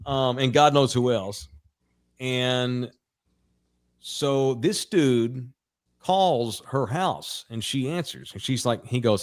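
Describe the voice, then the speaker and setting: A man's voice: mid-range voice, lively intonation, slow pace. A middle-aged man, a podcast co-host, telling a raunchy story in casual chat with lots of laughs.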